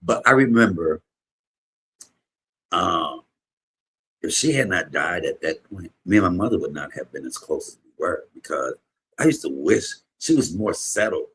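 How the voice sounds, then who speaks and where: Husky, deep-voiced man in his fifties. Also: lively intonation, normal speed, pauses often. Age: 50s. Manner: emotional, rambling storytelling with sudden loud bursts. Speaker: comedian streamer. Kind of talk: casual livestream chat and storytelling.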